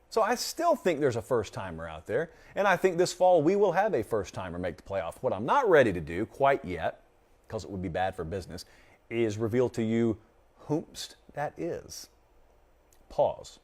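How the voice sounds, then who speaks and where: A man's voice: lowish voice, darkish tone. A man hosting a sports talk show, reading viewers' takes and answering them with opinionated, sarcastic asides. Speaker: host.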